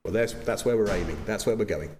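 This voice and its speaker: A man's voice: fairly low pitch, fast, a little mellow, slight background noise. A man, preaching a sermon as pastor of his church in an earnest, conversational way with asides.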